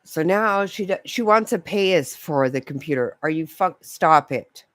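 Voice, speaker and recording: A woman's voice: lowish voice, expressive, normal speed, no echo. A woman rants and rambles to camera in a casual vlog style. She swears freely and laughs often. Her voice is recorded close and dry, with no room sound. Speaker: vlogger. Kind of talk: casual ranting monologue.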